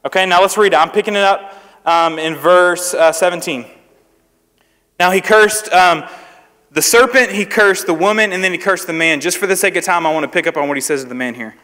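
In a church hall, a young youth preacher gives a sermon to students, keeping it conversational and funny and often putting questions to the crowd. His high voice is pushed and bright, and he speaks a little fast. Long reverb fills the echoey hall.

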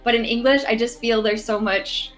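A woman's voice: a little high, fairly even intonation, moderate pace, soft background music. A woman player speaks over a video call in an earnest, considered way. She lays out her thinking carefully and with sincerity. The sound is a plain home computer mic. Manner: earnest, careful, thoughtful explanations. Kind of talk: casual chat on a game call. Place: online group video call.

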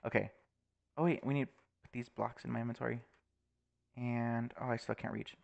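A man's voice: mid-range voice, fairly even intonation, brisk, vocal fry, dull audio, noisy background. Jittery young man narrating a game. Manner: jittery, exclaims and laughs nervously. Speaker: gaming YouTuber. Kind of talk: Let's Play commentary.

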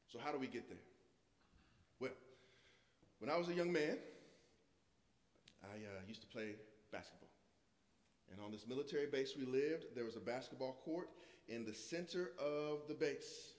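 A man, preaching a sermon through personal stories, swinging between loud passages and hushed ones. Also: medium pitch, lively intonation, normal speed, pauses often. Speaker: guest preacher. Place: church sanctuary. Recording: echoey church hall with long reverb.

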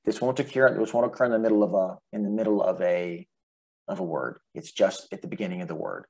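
A man teaching a relaxed, folksy lesson on Greek letters and marks, with chuckles and restarts. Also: low voice, quick pace, creaky. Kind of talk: casual instructional lesson.

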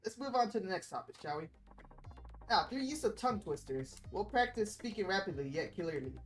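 A woman's voice: medium pitch, lively intonation, a little fast, soft background music, lightly acted. A woman voicing a prim, pushy announcer-school teacher in a video game, speaking in a formal, correcting, salesy way.

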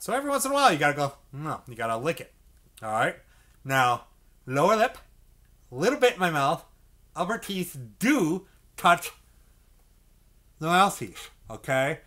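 His voice sits a little high and has a sharp edge. He's a man giving an instructional saxophone lesson, breaking it down step by step, frequently saying "okay?" and miming the mouth sounds.

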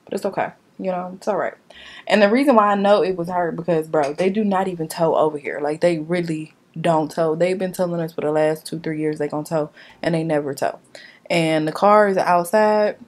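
A woman's voice: on the low side, brisk. A young woman, ranting in a blunt, profane storytime while she does her makeup at home. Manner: animated, blunt, profane storytelling with reenacted dialogue. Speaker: beauty vlogger. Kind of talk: casual storytime chat during a makeup tutorial.

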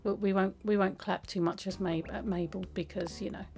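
A woman chatting casually while playing a game, with many restarts and a soft, hesitant way of talking. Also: mid-range voice, steady tone, brisk, faint music behind, low-quality recording. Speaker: gaming video creator. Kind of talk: casual gameplay commentary.

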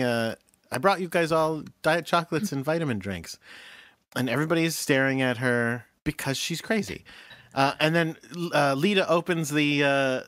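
A co-host recaps a cartoon episode in a loose, laughing podcast chat. The voice swings widely in pitch and sounds close and dry, with no room around it. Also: fairly bright tone, dry recording. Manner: narrates the plot, laughs readily.

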